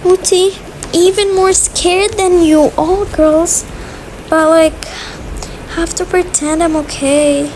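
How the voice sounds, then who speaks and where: A woman's voice: extremely high pitch, steady tone, takes it slowly, darkish tone, slight background noise. A woman voicing a busy mother of twins in a toy game role-play, fussy and soothing. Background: background music.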